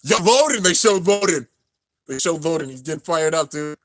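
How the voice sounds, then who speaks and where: A young man narrating an anime finale as he watches it live, excited and emotional. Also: a little high, normal speed, dry recording. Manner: excited, narrating on-screen action, drops to near-tears murmurs. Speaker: anime reaction host. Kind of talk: live reaction commentary.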